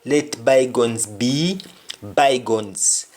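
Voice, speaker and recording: A man's voice: medium pitch, very slow, a little mellow. A man teaching a language lesson, repeating each word several times as he explains it. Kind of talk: spoken lesson on patois phrases.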